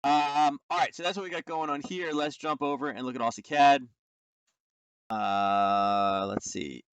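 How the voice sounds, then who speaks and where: A man's voice: medium pitch, steady tone, measured pace, clean tone, dry recording. A man hosting a live trading lesson, talking casually to viewers about charts and filling his speech with "um" and "like". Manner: loose and chatty, full of "um" and "like", talking to viewers. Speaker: trading educator hosting a nightly chart stream.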